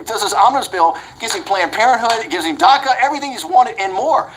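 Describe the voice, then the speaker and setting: Casting note: man in his sixties, rapid combative storyteller with a slightly high voice, faint hum behind. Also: expressive, a bit bright, low-quality recording. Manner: blunt, combative, restarts and repeats words. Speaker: interview guest. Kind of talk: animated interview storytelling.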